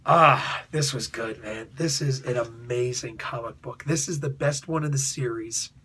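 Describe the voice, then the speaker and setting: A man's voice: mid-range voice, a little slow, bright, forceful tone, husky. A man giving a casual spoken comic book review, chatty and rambling, laughing often and asking his listeners whether they follow him. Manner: chatty, laughs often, asks "you know what I'm saying?"; rambling, with restarts and asides.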